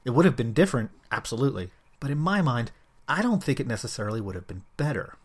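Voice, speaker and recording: A man's voice: medium pitch, sing-song, fast, breathy edge. A man hosting a solo comics podcast, talking with a wry, self-mocking humor. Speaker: podcast host.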